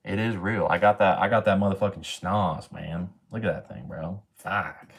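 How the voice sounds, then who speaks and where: Young male streamer in his twenties, very low voice, casual and cussing, bro-heavy slang. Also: fairly even intonation, moderate pace. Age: 20s. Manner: slangy and profane, says bro and man a lot. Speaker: livestream host. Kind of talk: casual livestream chat.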